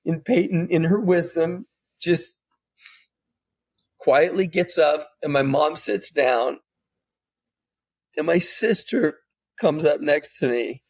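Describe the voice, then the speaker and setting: A man's voice: on the high side, takes it slowly, long pauses. A man in his forties, a podcast guest, telling a candid personal story and swearing freely as he grows emotional. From United States.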